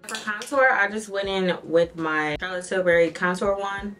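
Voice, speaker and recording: A young woman vlogger chatting candidly to her viewers while doing her makeup, telling stories in an expressive way. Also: medium pitch, moderate pace, hardly any pauses, noisy background. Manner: candid, expressive storytelling, addresses viewers as y'all. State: tearful at times. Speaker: beauty vlogger. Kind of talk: casual get-ready-with-me chat.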